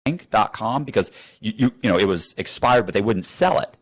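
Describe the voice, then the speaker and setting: A man's voice: fairly low pitch, animated, brisk. A man telling a story as an interview guest in a studio, acting out both sides of the conversations.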